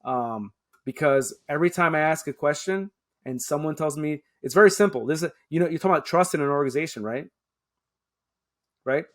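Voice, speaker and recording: Emphatic New man, higher voice. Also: a little fast. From Queens, New York. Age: 30s. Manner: emphatic, keeps tagging points with "right?". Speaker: guest, public affairs officer. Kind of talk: conversational interview.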